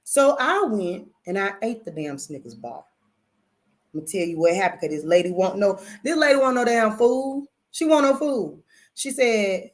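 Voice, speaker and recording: A woman host spins a personal story in loose, casual talk, cursing as she goes. She speaks straight to her listeners and keeps calling them y'all. Her pitch sits in a middle range for a woman. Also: normal speed. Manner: animated, profane, addresses audience as y'all.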